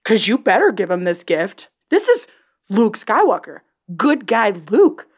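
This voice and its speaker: A woman co-hosting a podcast and reviewing a TV episode in casual chat, excitable and animated, acting out her own reactions. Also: medium pitch, measured pace, slightly rough. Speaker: podcast co-host.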